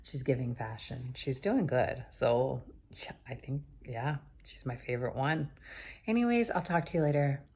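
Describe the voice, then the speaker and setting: A woman chatting casually as she recaps a TV episode, rambling and often trailing off into quiet mumbled asides. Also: extremely low pitch, lively intonation, normal speed, slightly rough. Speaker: TV recap vlogger.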